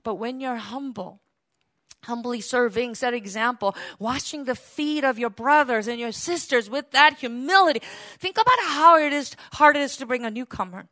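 A woman pastor giving a sermon, lively and conversational, acting out little quoted exchanges and laughing as she goes. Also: fairly high pitch, normal speed, no echo, studio quality. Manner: animated, acts out quoted voices, laughs often.

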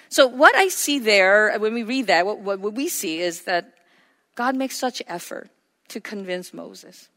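A woman's voice: mid-range voice, lively intonation, measured pace, a bit bright. A woman preacher giving an earnest, emphatic sermon with frequent fillers. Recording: long hall reverb.

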